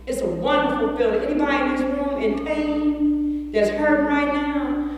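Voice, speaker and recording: A woman's voice: high voice, steady tone, moderate pace. A woman giving a personal recovery testimony to a room, blunt and earthy, swearing and laughing as she talks. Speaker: recovery meeting speaker. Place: large meeting room. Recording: echoey room from far off.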